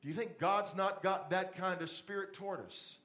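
A middle-aged man preaching a conversational sermon in a church, dropping to a soft fatherly voice for asides. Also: high-pitched, fairly even intonation, normal speed. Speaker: pastor. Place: church stage with TV lights.

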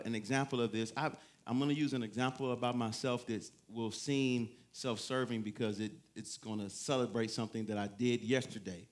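A male pastor preaching a sermon in a church, telling a story with laughter and sudden bursts of near-shouting. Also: mid-range voice. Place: church with a congregation.

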